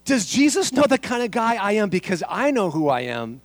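A man's voice: sits high, very animated, fairly quick, no room sound. A man preaching a sermon as a pastor, asking the congregation rhetorical questions and repeating his key lines.

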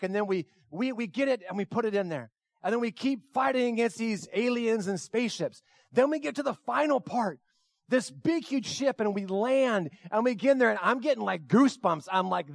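Very high-voiced man telling an animated story. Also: fairly quick, vocal fry, dry recording, clean studio sound. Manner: lively, acts out his own excitement, breaks into shouting. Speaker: speaker addressing an audience.

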